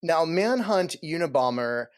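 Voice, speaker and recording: A man's voice: a little high, expressive, unhurried, smooth. A man hosting a podcast interview, asking questions and laughing along with his guest. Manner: laughs along, short affirmations. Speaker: podcast host.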